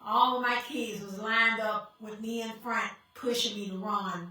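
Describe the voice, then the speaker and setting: A woman gives a tearful testimony in a bright, raised voice. She is picked up from far off and rings through a very echoey hall. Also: fairly high pitch, steady tone, measured pace, few pauses. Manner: addresses the crowd as y'all, tearful. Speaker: guest speaker sharing testimony. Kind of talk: emotional personal testimony. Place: church sanctuary.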